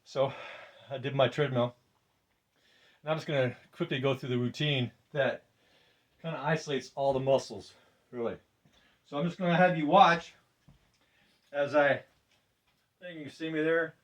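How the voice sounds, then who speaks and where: An older man casually demonstrating a weight workout, loose and chatty, laughing often and breathing deeply between sets. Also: normal speed, long pauses, distant mic. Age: 60s. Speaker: fitness presenter. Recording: voice from off the mic.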